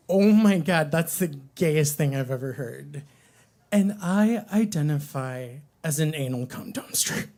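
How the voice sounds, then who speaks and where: A woman's voice: low-pitched, lively intonation, measured pace, dark tone. A woman doing a stand-up comedy set at a coffee shop open mic, crude and rambling, with lots of "um" and "like".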